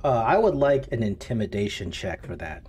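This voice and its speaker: A man narrating a tabletop game as dungeon master, casual and halting. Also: fairly low pitch, very animated, a little mellow, slight background noise.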